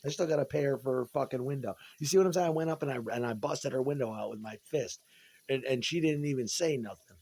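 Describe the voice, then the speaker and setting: A man's voice: mid-range voice, quick pace, a little mellow, slightly rough. A man in a rambling, profane monologue from home, agitated and tripping over his words. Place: at home, indoors.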